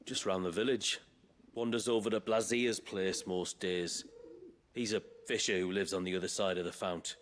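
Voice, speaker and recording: An actor playing a hesitant, awkward young village smith in video game dialogue. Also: male voice, sits low, steady tone, close to an everyday voice. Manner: hesitant, halting.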